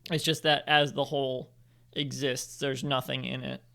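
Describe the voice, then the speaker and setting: A man's voice: medium pitch, level tone, moderate pace, vocal fry, sharp tone, smooth. A young man at home improvising a story, rambling with lots of fillers and self-corrections. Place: home, indoors.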